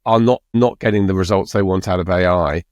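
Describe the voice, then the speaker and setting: Middle-aged male co-host, very low voice, dry sound, halting casual delivery. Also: a little mellow, no room sound. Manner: halting, with frequent restarts. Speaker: podcast co-host. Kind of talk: casual chat.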